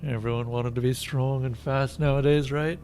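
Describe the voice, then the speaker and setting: Man reading out a dull unshaven game character, boring monotone drone, middle pitch. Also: normal speed, slight background noise, lightly acted. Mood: droning.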